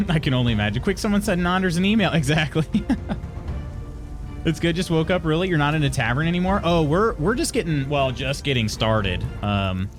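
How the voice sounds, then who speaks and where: A man in his thirties talks with his stream chat in an easygoing way, with a strong vocal fry running through his words. He laughs a lot and often stops to restart a sentence. Soft music plays faintly behind him. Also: fairly high pitch, expressive, brisk. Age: 30s. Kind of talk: casual live-stream chat.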